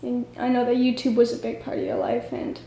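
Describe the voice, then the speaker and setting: A woman vlogger fighting back tears, talking in a halting, hesitant way with many pauses. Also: on the high side, very animated, vocal fry. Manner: halting, hesitant, soft-spoken. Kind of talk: tearful video tribute. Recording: echoey room.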